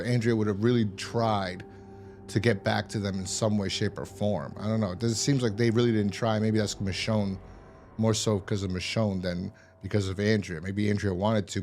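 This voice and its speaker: There's a faint hiss or hum behind this man's fairly low, somewhat mellow voice. Reviewing a TV episode, he wanders through his recap, curses often, and plays out quoted dialogue from the scenes.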